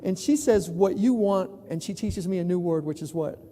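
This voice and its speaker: A man from New York giving a plenary talk at a conference, telling stories in an animated, self-mocking way. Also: high voice, brisk. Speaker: plenary speaker. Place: large conference hall. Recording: long reverb in a large hall.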